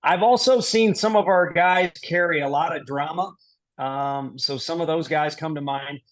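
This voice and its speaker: A man's voice: fairly high pitch, moderate pace. A middle-aged man, a head baseball coach, answering casually in an interview. He laughs easily and thinks aloud with self-deprecating humor.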